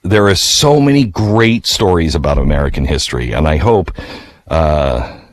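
A man hosting a radio talk show who tells a story casually, animated and emphatic, his voice jumping up in pitch. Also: moderate pace, slight background noise.

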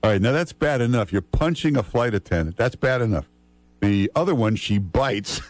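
A man's voice: mid-range voice, normal speed, no echo. A man hosting talk radio, chatting casually and reading ads live with frequent "uh" fillers. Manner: relaxed, conversational, frequent "uh" fillers. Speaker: radio talk host filling in. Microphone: studio broadcast mic.

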